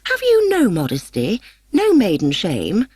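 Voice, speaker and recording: A woman's voice: medium pitch, animated, moderate pace, slightly rough, dry recording. A woman voicing a tall, timid young woman who protests in a plaintive, screeching way. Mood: aggrieved.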